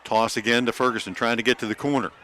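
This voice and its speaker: A man giving play-by-play for a high school football game, calling each snap quickly and joking like an auctioneer. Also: fairly even intonation, bright, forceful tone, a little hiss or hum. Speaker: play-by-play announcer.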